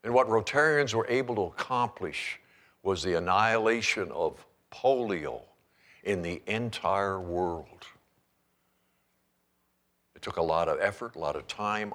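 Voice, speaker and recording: A man pastor preaching a sermon in an animated storytelling manner, acting out scenes as he goes. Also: sits low.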